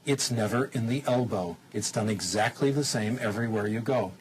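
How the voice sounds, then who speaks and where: A man with a lowish voice gives a TV lecture on language acquisition, demonstrating lively points with rhetorical questions and stretches of slow, simple German. The recording is rough, with slight background noise.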